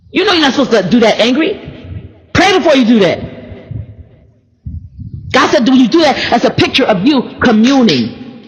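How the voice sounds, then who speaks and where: A woman preaching an informal sermon in a lively, conversational way, often repeating words in long chanting runs. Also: on the high side. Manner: animated, conversational preaching with asides. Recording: long hall reverb.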